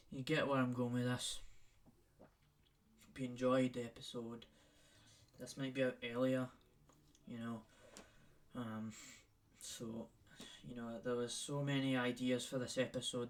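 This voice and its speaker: A man's voice: mid-range voice, a little mellow. Ranting, swearing Scottish man. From Scotland. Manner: ranting, heavy swearing, repeats "right?". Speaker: podcast host. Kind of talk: solo rambling podcast.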